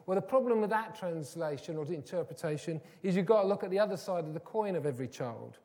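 A man's voice: sits high, lively intonation, fast talker, mellow. A man preaching a sermon, earnest and building to emphatic, repeated phrases. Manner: earnest, rising to emphatic repetition.

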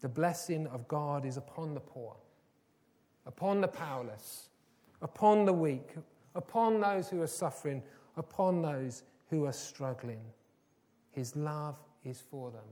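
A man's voice: fairly high pitch, unhurried, warm tone. A man preaching a sermon, earnest and building to emphatic, repeated phrases. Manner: earnest, rising to emphatic repetition.

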